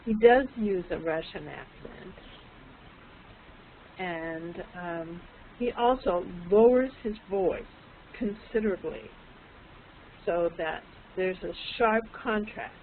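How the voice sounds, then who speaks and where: A woman's voice: lowish voice, takes it slowly, slight background noise. A woman teaching an online English class, explaining patiently and putting questions to her students. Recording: tinny lo-fi online call audio.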